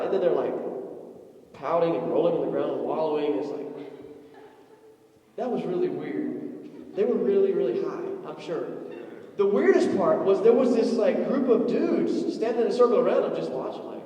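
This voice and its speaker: A young man delivers a lively sermon, jumping into quoted voices and jokes as he tells stories. His voice sits high but sounds mellow and dark, and it booms around a large reverberant hall. He is picked up from a distance, so the sound is roomy and far off. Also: fairly quick, highs cut off. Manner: animated storytelling with acted-out quotes and jokes. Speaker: pastor. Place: church sanctuary.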